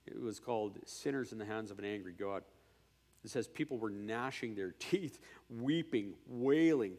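A man preaching a sermon in a conversational way, often asking "right?", who swings between loud declarations and quiet asides. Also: on the low side, big-room sound. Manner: conversational, with fillers and tag questions.

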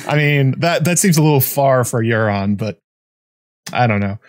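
A man hosting a podcast, chatting casually in a rambling, halting way full of fillers and restarts. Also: medium pitch, lively intonation, dry recording, clean studio sound. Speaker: podcast host. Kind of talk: casual chat.

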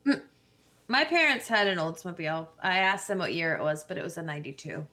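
Woman, mid pitch, bright crisp tone, emphatic casual talker. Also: expressive, brisk. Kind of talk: casual chat.

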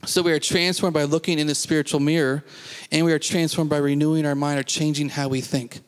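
Male pastor, mid-high voice, emphatic sermon delivery with call-outs to the room, reverberant hall. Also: little pitch movement, brisk, smooth. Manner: emphatic, repeats phrases, asks the congregation questions. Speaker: preacher. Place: church.

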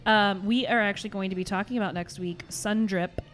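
A woman's voice: mid-range voice, fairly even intonation, fairly quick. Woman cohost just chatting, friendly hype about whats coming next week. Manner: chatty, promotional, a few ums and uhs. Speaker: podcast co-host. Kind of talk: casual chat.

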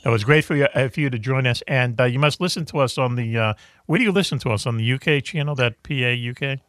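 A man's voice: medium pitch, quick pace, fairly bright tone, dry recording, clean studio sound, soft background music. A man hosting a radio talk show in a rambling, jokey way, often tripping over his words. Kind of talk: casual radio chat.

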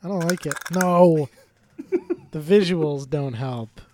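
A man's voice: a little high, takes it slowly, a little mellow, slight background noise. A man co-hosting a podcast, talking bluntly and sarcastically with lots of swearing. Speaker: podcast co-host. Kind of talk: casual podcast banter.

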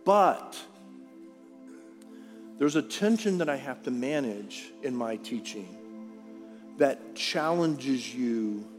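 A man's voice: mid-range voice, lively intonation, slow, pauses often. A man preaching a sermon to a congregation, chatty and direct, asking the room questions. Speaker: pastor. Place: large church auditorium. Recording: reverberant hall with faint music.

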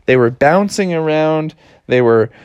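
A man's voice: a little high, unhurried, clear, resonant tone, no room sound, dull audio. A man telling a read-along children's story with a bouncy, sing-song rise and fall. His delivery is laid-back and playful, recorded close with a dry sound. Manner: casual, lively, playful.

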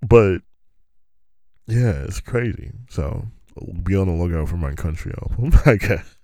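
Guy w just rambling, pitch bouncing all over, laughs a lot, clean dry mic. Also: expressive, measured pace, darkish tone, no echo. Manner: meandering, loose, laughs often, many restarts. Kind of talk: casual rambling monologue.

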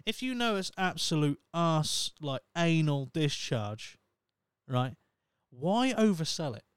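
A man's voice: on the high side, smooth, no echo. Sweary man ranting on a podcast. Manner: ranting, sweary, sarcastic asides. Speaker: podcast host. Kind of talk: casual comedic commentary.

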